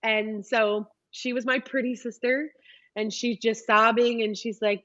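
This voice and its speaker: A woman in her thirties telling a story in a casual, animated podcast interview with lots of ums. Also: fairly high pitch, a little slow, no room sound, highs cut off. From United States. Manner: chatty, animated retelling with frequent ums. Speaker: podcast guest, photographer.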